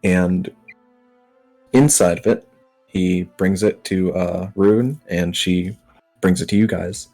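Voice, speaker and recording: A man runs a tabletop session as game master, taking his time over each scene and leaning on ums and uhs. His pace is slow and unhurried. Faint music plays under the talk. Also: sits low. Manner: relaxed, filler-heavy narration.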